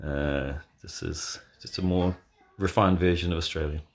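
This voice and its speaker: A man hosting a casual live watch party from bed, answering chat questions in a deadpan, joking way. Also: low voice, moderate pace. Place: in bed at home. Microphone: phone.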